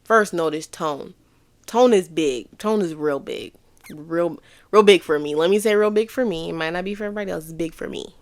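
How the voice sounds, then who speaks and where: Earnest woman host, lowish gravelly voice, dry close mic, reflective casual chat. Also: moderate pace, no echo. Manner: earnest, conversational, repeats for emphasis. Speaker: podcast host.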